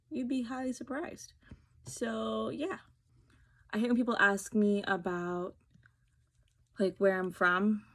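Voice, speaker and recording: Woman, from New Jersey, casual vlog, snarky, sarcastic, medium pitch. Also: creaky. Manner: snarky, sarcastic storytelling with quoted voices. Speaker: beauty vlogger. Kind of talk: casual talk to camera.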